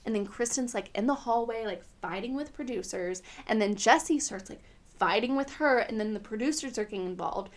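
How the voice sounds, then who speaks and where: A woman's voice: fairly high pitch, a little fast. A woman hosting a podcast, recapping TV in casual, opinionated chat full of fillers. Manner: chatty, filler-heavy, opinionated. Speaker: podcast host.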